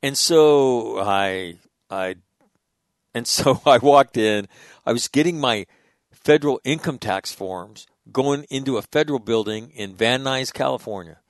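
A middle-aged man and Marine veteran, telling stories in a blunt, profane, animated way in a casual interview. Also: medium pitch, a little slow, no echo, clean studio sound.

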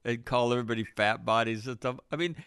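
A man hosts a casual chat and tells his stories in an animated way, cursing freely. His voice is smooth and resonant, recorded close and dry. His pitch is average for a man. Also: no room sound. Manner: animated storytelling, swearing, quick laughs. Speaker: podcast host.

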